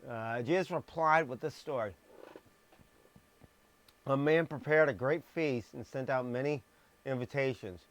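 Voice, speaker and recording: A man's voice: mid-range voice, measured pace, pauses often. A man reading scripture on a live stream, stressing words and dropping blunt, sarcastic asides. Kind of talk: live-streamed Bible message. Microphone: streaming microphone.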